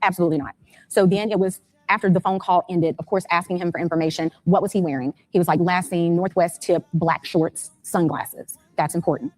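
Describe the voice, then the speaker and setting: Woman, mother in interview, quick anxious retelling, lowish voice, dry sound. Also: fairly even intonation, a little mellow, no echo. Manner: rapid, anxious retelling, acting out phone calls. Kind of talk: recounting events in an interview.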